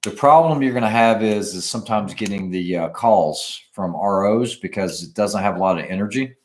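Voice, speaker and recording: Lively low-voiced man chatting. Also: moderate pace, a little hiss or hum. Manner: animated, reads viewer questions aloud. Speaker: podcast co-host. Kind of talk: casual chat about shooting.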